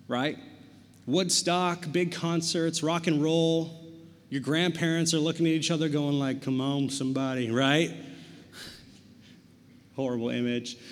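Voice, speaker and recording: High-voiced joking preacher in a reverberant hall. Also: male voice. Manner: casual, joking preacher with slang asides. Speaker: pastor. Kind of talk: sermon.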